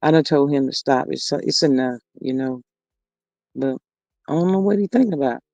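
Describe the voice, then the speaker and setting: A woman's voice: extremely low pitch, normal speed, a little mellow, no room sound, lo-fi sound. A middle-aged grandmother hosting a casual livestream, reading viewers' comments aloud and chatting in a homespun, talkative way. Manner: chatty and homespun, reads comments aloud, says "Lord have mercy" often.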